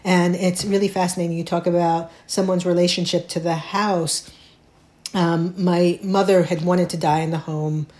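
A middle-aged woman, a playwright, telling a personal story in an interview, thoughtful and halting, with many restarts. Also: lowish voice, flat delivery, darkish tone. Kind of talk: reflective conversational storytelling.

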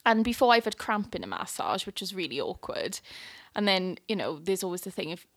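A woman's voice: on the low side, brisk, creaky. A woman co-hosting a podcast in a living room, telling a funny story with lots of laughter and acted-out quotes. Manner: animated storyteller, laughs often, acts out quotes. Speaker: podcast co-host. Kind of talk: casual chat, storytelling.

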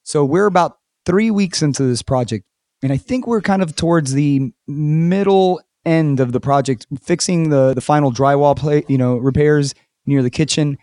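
A man hosting a casual podcast interview, telling stories with lively acted-out quotes and casual swearing. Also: fairly high pitch, normal speed, dry recording, clean studio sound. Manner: animated storyteller, acts out quotes, swears casually. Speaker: podcast host.

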